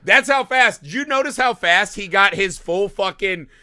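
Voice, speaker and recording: A man talks through a film's plot with plenty of swearing, popping into quick mocking voices for the characters. His voice is bright and swings widely in pitch. The sound is close and dry. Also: clean tone, dry recording. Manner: profane, animated retelling of scenes with quick mock voices. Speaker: podcast co-host. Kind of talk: casual movie-review chat.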